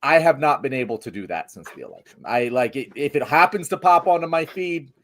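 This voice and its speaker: A man in casual political chat with a co-host, animated and sarcastic, swearing often. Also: medium pitch, fairly quick. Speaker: political commentator.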